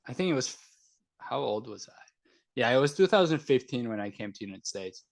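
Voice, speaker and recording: A man's voice: mid-range voice, lively intonation, a little fast, vocal fry. A young man from the country of Georgia, a podcast guest chatting casually and joking. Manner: laid-back, joking, slangy. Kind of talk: casual chat.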